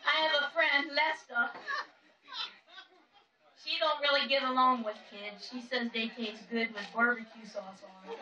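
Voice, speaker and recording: High-voiced woman doing stand-up. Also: fairly even intonation, a little slow, far from the mic, background noise. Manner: shifts voice to act out her nephews and friend. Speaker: stand-up comedian. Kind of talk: stand-up comedy storytelling. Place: comedy club stage. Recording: echoey club heard from afar, crowd. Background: audience laughter.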